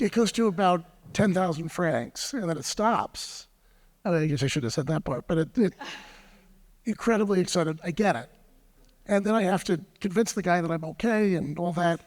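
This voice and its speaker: A man with a high voice tells a collecting anecdote on a panel, clearing his throat now and then and trailing into fillers. His voice rings with the long reverb of a large hall. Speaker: antiques dealer. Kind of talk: panel discussion storytelling.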